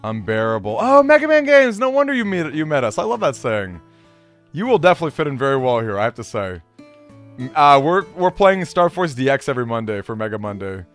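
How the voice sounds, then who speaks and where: Man, game streamer, casual rambling chat, lots of fillers, fairly high lively voice, faint music behind. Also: brisk. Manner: chatty, rambling, answers chat, many fillers.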